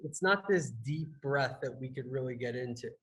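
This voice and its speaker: A man's voice: medium pitch, moderate pace, fairly bright tone, low-quality recording. A man who is a fitness and health coach, talking casually on a business podcast, rambling with many restarts and tagging his points with "right?". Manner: rambling, restarts a lot, tags sentences with "right?".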